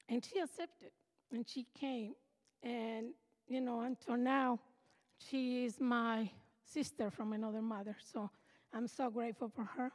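High-voiced older woman giving testimony. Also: steady tone, measured pace, darkish tone. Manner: earnest, emotional storytelling. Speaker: church member giving testimony. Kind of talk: personal testimony. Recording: reverberant hall.

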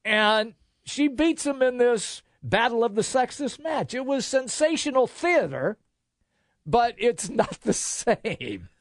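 A man's voice: very high-pitched, sing-song, takes it slowly, no room sound, clean studio sound. An older man co-hosting a casual talk show, ranting in an exasperated way with many restarts. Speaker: co-host.

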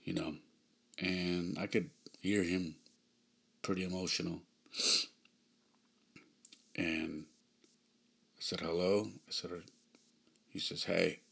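A man in his thirties hosting a podcast, telling a personal story in a subdued, halting way with frequent sighs. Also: low-pitched, little pitch movement, vocal fry, husky. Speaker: podcast host.

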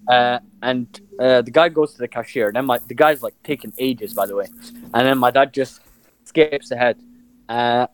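A young man telling stories on a casual podcast, animated, swearing freely and laughing as he talks. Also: mid-range voice, poor audio. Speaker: podcast co-host. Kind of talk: casual storytelling chat.

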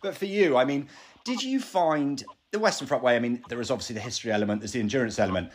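A man hosting a podcast interview, talking in a relaxed, agreeable, reflective way. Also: mid-range voice, quick pace, a little hiss or hum. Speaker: podcast host. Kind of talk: casual interview.

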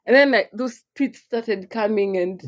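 A young woman with a Kenyan accent, co-hosting a casual podcast chat in an animated way. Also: medium pitch, a little slow. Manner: animated, mixes English and Swahili, laughs often. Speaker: podcast co-host.

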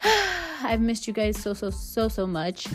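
A woman's voice: medium pitch, steady tone, normal speed, mellow, soft background music. A young woman hosting her own podcast, chatting casually, joking and swearing, rambling with lots of fillers. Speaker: podcast host. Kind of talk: casual chat.

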